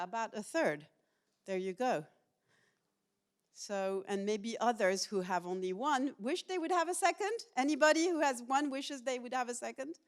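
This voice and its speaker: In a lecture hall, a middle-aged professor addresses students in a public university lecture with a fairly high-pitched voice. Her manner is lively and personal, and she puts questions to the audience.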